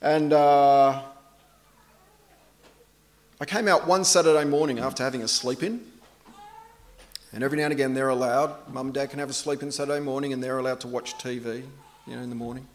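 A middle-aged man preaching a sermon in a relaxed, anecdotal way, poking fun at himself. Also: mid-range voice, fairly quick, pauses often. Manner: conversational, anecdotal, self-deprecating.

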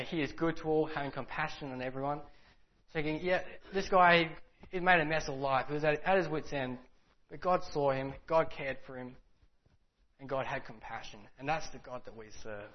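A man's voice: on the high side, brisk. A man preaching in a casual, conversational way, telling a story and acting out the people in it, with many fillers. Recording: dull lo-fi sound.

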